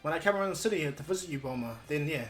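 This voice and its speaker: A man's voice: a little high, lively intonation, rapid-fire, soft background music, natural voice. A man voicing a cheerful young boy fighter who is eager and a little shy, stammering when nervous. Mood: friendly.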